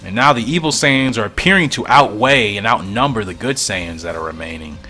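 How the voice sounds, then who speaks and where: A man's voice: fairly low pitch, animated, brisk, bright, forceful tone, soft background music. A man giving casual commentary while reading through a comic, musing and thinking aloud, at times confused.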